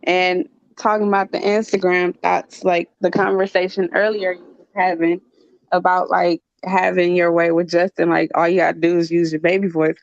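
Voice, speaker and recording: A woman with a gravelly, creaky voice hosts a casual chat, blunt and full of laughter. The sound is dull and lo-fi, close and dry. She tells her stories with lively energy. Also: fairly low pitch, normal speed, no echo. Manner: blunt, laughing, animated storytelling. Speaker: channel host.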